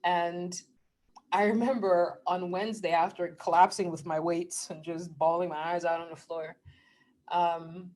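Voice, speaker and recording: A middle-aged woman vlogger talking casually about spiritual matters, earnest and emotional, often laughing mid-sentence and sometimes dropping to a hushed near-whisper. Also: lowish voice, flat delivery, a little slow. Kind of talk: casual spiritual talk to camera.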